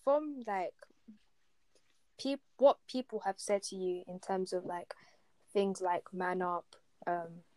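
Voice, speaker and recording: A woman's voice: on the low side, slow pace, dark tone, dry recording, rough recording. A young woman hosting a panel discussion, asking questions casually and rephrasing as she searches for words. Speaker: host.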